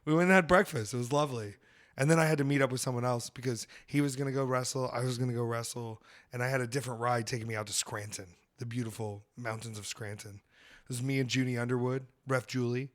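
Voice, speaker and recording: A man hosting a podcast, chatting in a rambling comedic way and jumping into loud high outbursts. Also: fairly even intonation, fast. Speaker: podcast host. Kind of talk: casual comedic chat.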